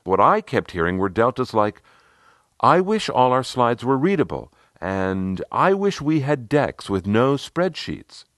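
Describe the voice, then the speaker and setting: A man voicing a playful, outspoken woman who speaks slowly and draws out her words. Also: mid-range voice, very animated, a bit bright, no echo, studio quality, pitched above the performer's own voice. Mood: amused.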